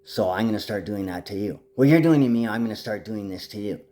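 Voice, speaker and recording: A man in a rambling monologue to camera who swears often and swings from a low mutter to loud, high outbursts. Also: quick pace.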